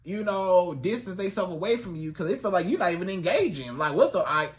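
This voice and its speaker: A man giving casual dating advice to the camera, animated and colloquial, repeating his phrases. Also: high-pitched, brisk. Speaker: dating coach.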